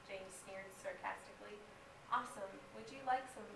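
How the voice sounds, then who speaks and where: A female student reading her short writing aloud in an even, quiet voice. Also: mid-range voice, a little fast. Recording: distant, echoey noisy classroom.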